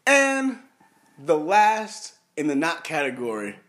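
A man co-hosting a casual sports talk show, animated and mocking, full of slang. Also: fairly high pitch, slow. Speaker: podcast co-host.

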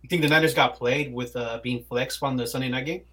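Fast, husky-voiced man. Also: medium pitch, fairly even intonation, pushed and bright. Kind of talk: casual sports chat.

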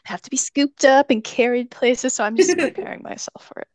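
A woman's voice: high voice, expressive, brisk. A woman co-hosting a podcast, chiming in casually with short asides. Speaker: podcast co-host. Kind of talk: casual chat.

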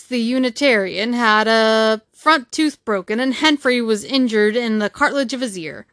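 A woman narrating a classic novel as an audiobook reader, steady and measured, close to the mic. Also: a little high, no echo. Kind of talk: storybook narration.

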